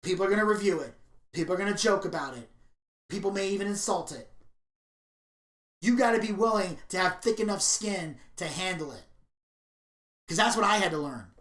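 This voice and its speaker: A man's voice: high voice, brisk, pauses often. Opinionated man telling stories in an echoey room. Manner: opinionated, animated storytelling. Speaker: podcast co-host. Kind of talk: casual podcast review chat.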